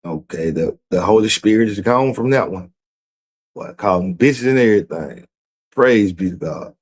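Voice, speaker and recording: A man's voice: fairly low pitch, expressive, normal speed, slightly rough. Profane, mocking male stream host. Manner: profane, mocking, loudly incredulous. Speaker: show host. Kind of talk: streamed commentary reading out messages.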